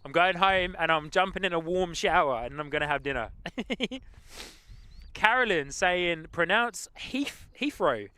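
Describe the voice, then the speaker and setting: A man with a London-tinged English accent, casually chatting as host of a live stream and reading out viewer comments, easygoing and quick to laugh. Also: on the high side, lively intonation, sharp tone, clean tone. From England. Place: outdoors at an airport plane-spotting spot.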